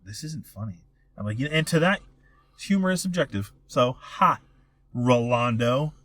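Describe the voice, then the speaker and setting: A man's voice: mid-range voice, animated, normal speed, fairly bright tone, no echo. Rambling, cussing young podcast guy. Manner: rambling, profane, self-interrupting storyteller. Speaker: podcast co-host. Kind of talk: casual chat.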